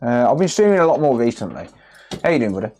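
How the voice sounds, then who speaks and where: A man's voice: mid-range voice, fast. A man from the West Midlands of England with his regional accent, chatting casually with live-stream viewers while he works on repairs. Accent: West Midlands English. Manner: relaxed, chatty, greets viewers by name. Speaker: repair livestream host.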